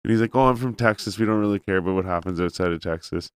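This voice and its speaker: Smooth-voiced man, rambling chat. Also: sits low, racing, no echo, studio quality. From Canada. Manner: rambling storyteller, heavy use of "like". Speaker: podcast co-host. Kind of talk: casual chat.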